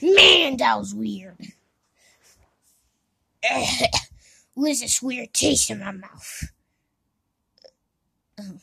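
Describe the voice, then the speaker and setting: A woman with a high, gravelly voice performs a comedic fan-animation voice-over. She drawls slowly, drops into mumbled asides, then bursts into shouts. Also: very animated, dry recording, studio quality. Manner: jumps between mumbled asides and shouted outbursts. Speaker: narrator and voice actor of a fan animation.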